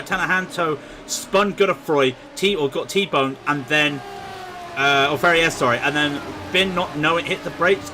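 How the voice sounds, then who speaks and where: A man doing excitable live commentary on a sim race, shouting when cars crash. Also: fairly high pitch, noisy background.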